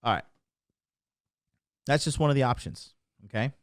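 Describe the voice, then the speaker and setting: A male dating coach speaks at a medium pitch and normal speed with a clean tone, ranting brashly to his livestream chat. Boastful and mocking, he drives his points home by repeatedly asking "okay?", and the studio sound is clean with no room noise.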